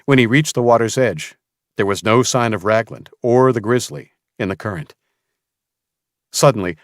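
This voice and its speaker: A man narrating an audiobook in a slow, measured storytelling manner. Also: on the low side, no echo, clean studio sound. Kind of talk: scripted narration.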